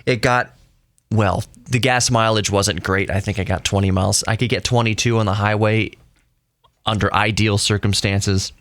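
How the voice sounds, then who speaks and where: A man's voice: fairly low pitch, steady tone, moderate pace, fairly bright tone, no room sound, clean studio sound. A man hosting a solo podcast, rambling conversationally and often correcting himself mid-sentence. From United States. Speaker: podcast host.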